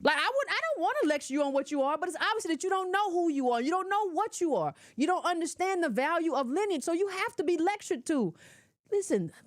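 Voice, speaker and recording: A woman's voice: extremely high pitch, sing-song, fast talker, dry recording, clean studio sound. A middle-aged woman giving casual, opinionated commentary, lecturing emphatically and talking in a colloquial way. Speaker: commentator reacting to clips.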